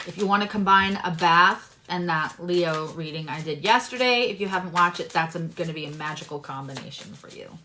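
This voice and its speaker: A woman giving a casual tarot reading to her viewers, chatty and animated, swearing casually and swinging between loud bursts and soft asides. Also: fairly low pitch, brisk, few pauses, slight background noise. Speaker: tarot reader and astrologer.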